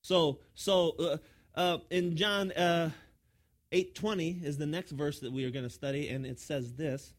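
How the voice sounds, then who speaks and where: Emphatic preaching man, higher voice. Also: steady tone, a little slow. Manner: emphatic preaching with repeated words. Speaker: pastor. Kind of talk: sermon.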